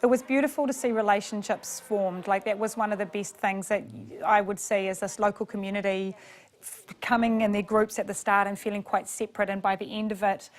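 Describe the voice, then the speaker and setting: A woman, a theatre maker talking in an interview in a lively way. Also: medium pitch, brisk. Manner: lively, acts out quotes in different voices. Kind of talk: interview talk.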